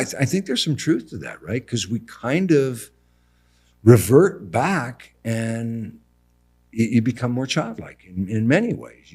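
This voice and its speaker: Husky middle-aged american guy, swoopy lively voice, chatty storyteller. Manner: animated, mimics his mother in a high voice. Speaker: podcast guest. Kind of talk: casual storytelling.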